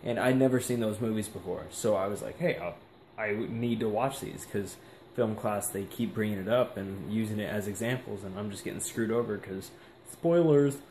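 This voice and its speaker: A man's voice: fairly low pitch, moderate pace, darkish tone. Rambling young man in an echoey room. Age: young adult. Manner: rambling, filler-heavy, reflective. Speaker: vlogger. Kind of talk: casual vlog monologue. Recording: echoey room with faint background hiss.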